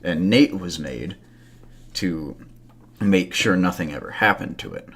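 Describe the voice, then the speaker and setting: A man's voice: low voice, unhurried, fairly bright tone. A man narrating a campfire story as a podcast host, loose and conversational, with asides and fillers.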